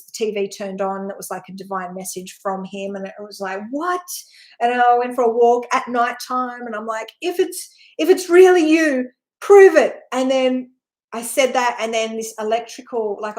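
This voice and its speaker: A woman giving a personal spiritual talk, telling her story in a heartfelt, rambling way with sighs, often checking in with "right?". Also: on the high side. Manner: earnest, emotional storytelling with sighs. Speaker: spiritual teacher.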